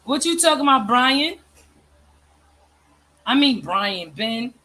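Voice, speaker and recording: A woman's voice: a little high, animated, takes it slowly, pushed and bright, a little hiss or hum. A woman in a casual, chatty conversation, reminiscing with plenty of fillers. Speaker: host. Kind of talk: casual chat.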